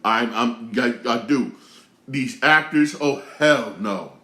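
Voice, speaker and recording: A man's voice: medium pitch, slow pace, pushed and bright, reverberant. Heated, slangy male show host. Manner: repetitive, heated, slangy, many restarts. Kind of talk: casual rant commentary.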